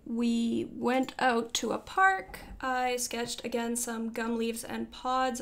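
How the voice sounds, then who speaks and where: A woman recording a casual voiceover for her vlog, talking quickly and rambling, with self-deprecating asides and many fillers. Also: a little high, creaky. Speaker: artist giving a sketchbook tour. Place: home art studio. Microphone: voiceover microphone.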